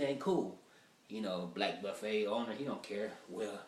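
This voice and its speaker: A man running through stand-up material in an animated, profane, rambling way. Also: on the low side, a little slow. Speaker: stand-up comedian. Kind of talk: stand-up rehearsal. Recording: roomy echo, mic far off.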